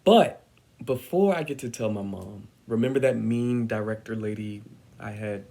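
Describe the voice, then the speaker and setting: A young man telling a personal story on his vlog, animated and dramatic as he acts out what others said. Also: on the low side, moderate pace, creaky. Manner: animated, dramatic retelling with acted-out quotes. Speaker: vlogger.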